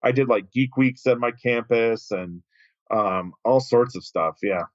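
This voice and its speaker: Man, podcast guest, animated storyteller, mid-pitched, dry slightly dull audio. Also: unhurried, dry recording. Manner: animated, acts out quoted voices with big pitch jumps.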